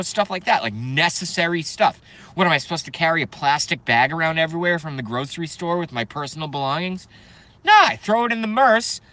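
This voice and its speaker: A man's voice: medium pitch, pushed and bright. A young man ranting casually on a live stream, joking, swearing, rambling and answering chat. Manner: profane, rambling, joking, reads chat aloud.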